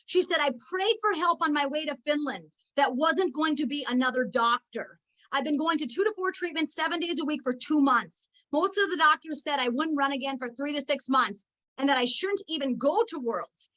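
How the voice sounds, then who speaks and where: A woman's voice: high voice, animated, normal speed, bright, forceful tone, lo-fi sound. A middle-aged woman giving an emotional, preachy motivational talk at a network marketing meeting. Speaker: network marketing team leader.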